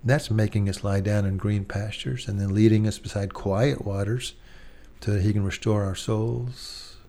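A man preaching a sermon, earnest and reflective, drawing listeners in with gentle hushed passages. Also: fairly low pitch, steady tone, moderate pace.

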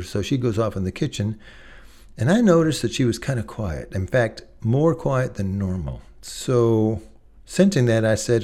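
A man's voice: on the low side, lively intonation, normal speed, mellow. Conversational male pastor telling a story. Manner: conversational, storytelling, listing words one by one. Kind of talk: sermon with personal story.

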